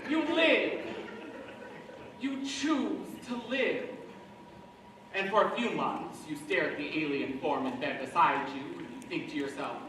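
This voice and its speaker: A man's voice: on the high side, a little slow, background noise, lightly acted. A young male student actor playing a wistful middle-aged musical fan who confides in the audience in rambling asides during a live stage show. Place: school auditorium stage. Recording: echoey hall from far off.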